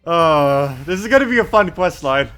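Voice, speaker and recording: A man casually commentating his live game stream, chatty and quick to laugh, with faint game music behind. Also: on the high side, lively intonation, a bit bright, smooth.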